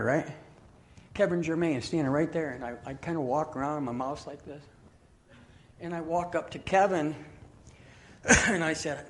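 A man preaching from the pulpit of a church, his voice sitting a little high for a man. He tells stories in a chatty, folksy way, pokes gentle fun at himself and leans on plenty of fillers. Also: moderate pace, pauses often. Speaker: guest preacher. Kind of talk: sermon with storytelling. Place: church sanctuary.

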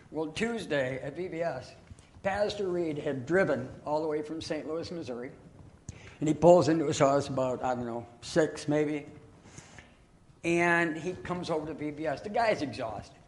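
A man's voice: fairly high pitch, slight background noise. Chatty, folksy guest preacher, a man. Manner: folksy, self-deprecating, chatty with fillers. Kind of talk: sermon with storytelling. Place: church sanctuary.

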